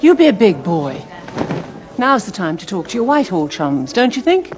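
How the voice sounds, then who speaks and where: A woman as a cool mocking madam, mid-pitched and lively, soft music behind. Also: normal speed, lightly acted. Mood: coolly persuasive. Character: poised female brothel madam, coolly blackmailing. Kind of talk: film drama. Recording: film soundtrack with faint music.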